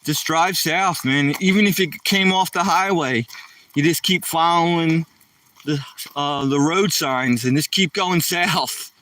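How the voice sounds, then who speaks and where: A man from the Philadelphia area rambles through old memories in easy, chatty talk. His voice sits a touch high for a man and reaches the mic from a little way off, in a dry space with almost no room sound. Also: a little slow, sharp tone, dry recording, far from the mic. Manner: loose and chatty, sprinkled with "man" and "you know". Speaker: vlogger telling stories. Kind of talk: rambling casual storytelling.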